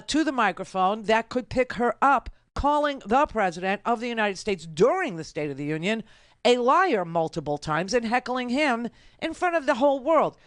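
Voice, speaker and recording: A woman's voice: on the high side, dry recording. A woman hosting a political radio talk show, delivering sarcastic, mocking commentary. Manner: sarcastic, mocking, quotes opponents in exaggerated voices.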